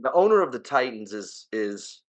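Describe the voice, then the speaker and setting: A man co-hosting a casual sports podcast with a New Jersey accent. His delivery is opinionated and ranting, laced with swearing, and his voice sits at an ordinary middle pitch for a man. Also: very animated, moderate pace. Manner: opinionated, ranting, swears, rising to exasperated outbursts. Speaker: podcast co-host.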